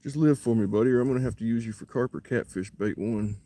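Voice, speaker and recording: A man's voice: mid-range voice, fast talker, mellow, a little hiss or hum. A man live-streaming from a creek, chatting casually and muttering to himself between greetings to viewers. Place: outdoors at a creek.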